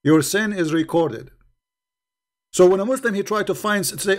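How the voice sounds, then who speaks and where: A man's voice: high voice, normal speed, pauses often. A middle-aged man hosting a livestream debate, combative and mocking, hammering points home by repeating them. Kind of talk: polemical livestream commentary.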